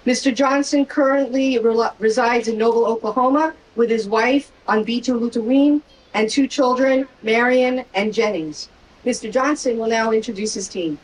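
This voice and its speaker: A woman's voice: fairly high pitch, normal speed. A woman, a park service official, reading a formal prepared introduction of a guest speaker. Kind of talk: formal prepared welcome speech. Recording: distant mic with faint background noise.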